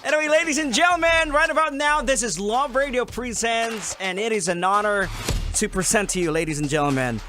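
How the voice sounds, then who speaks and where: A man's voice: extremely high pitch, a little fast, background noise. A man with a Filipino accent hosts a radio show. He delivers showy, hyped countdown patter and interviews guests with playful jokes. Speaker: radio DJ host. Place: radio studio.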